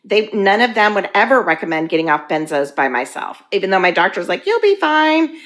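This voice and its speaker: A woman in her fifties candidly sharing her recovery story, earnest and halting, weepy and emotional. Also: on the low side, fairly bright tone. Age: 50s. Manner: earnest, halting, with frequent ums.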